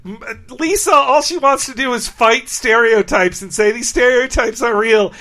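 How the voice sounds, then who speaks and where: A man co-hosting a podcast in casual chat, laughing often and retelling scenes in an animated way. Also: very high voice, normal speed. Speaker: podcast co-host.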